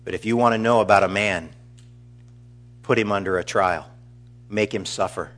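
Middle-aged male pastor, low voice, earnest eulogy delivery. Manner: earnest, measured, warmly storytelling. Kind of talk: funeral eulogy.

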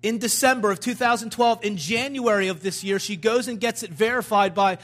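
A man in his thirties preaching, telling a personal story with frequent restarts and rising, animated emphasis. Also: high voice, a little fast. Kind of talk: sermon storytelling.

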